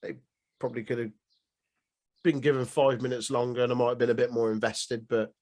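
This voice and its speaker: A man's voice: medium pitch, little pitch movement, brisk, a little mellow. A man co-hosting a casual podcast chat, dropping wry, joking remarks. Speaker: podcast co-host.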